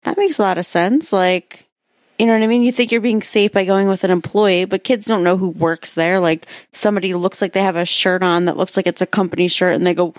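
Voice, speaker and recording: A woman's voice: on the low side, fairly even intonation, brisk, no room sound, clean studio sound. Chatty woman telling rambling stories. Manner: rambling storyteller, heavy filler "like". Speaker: podcast co-host. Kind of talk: casual chat.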